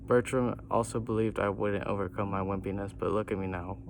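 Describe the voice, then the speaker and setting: A man reading his own goofy comic story aloud, poking fun at himself as he goes. His voice sits on the low side, with a faint hiss in the background. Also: steady tone, a little fast.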